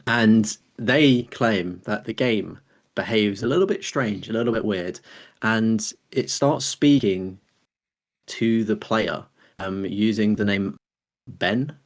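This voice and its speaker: Young man, podcast co-host, rambling, filler-heavy, lowish voice. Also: takes it slowly. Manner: chatty, rambling, full of "like". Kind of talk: casual podcast chat.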